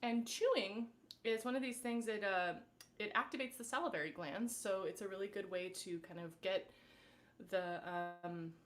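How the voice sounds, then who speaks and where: A woman vocal coach leading a live-streamed warm-up, giving gentle, encouraging instructions with plenty of fillers. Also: medium pitch, moderate pace.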